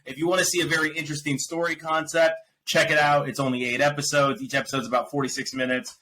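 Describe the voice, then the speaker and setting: A man's voice: a little high, fast talker, slight background noise, poor audio. A man hosting a podcast, chatting casually and ranting animatedly about films and shows he watched. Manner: animated, ranting, laughs often. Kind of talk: casual review chat.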